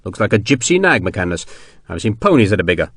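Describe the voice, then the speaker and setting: A man voicing an eager, headstrong British general who speaks briskly and commandingly. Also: fairly low pitch, sing-song, fairly bright tone, no room sound, clean studio sound, full character voice. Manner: brisk, commanding, quick to laugh.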